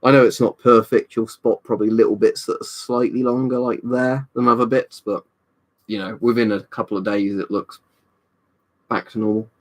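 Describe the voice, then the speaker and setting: A man's voice: mid-range voice, little pitch movement, normal speed. A young man hosting a casual live stream from home, reading viewer comments in a rambling, chatty way, slightly tipsy from a drink. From United Kingdom. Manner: rambling and chatty, with frequent "um" and "you know". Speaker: livestream host. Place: room at home.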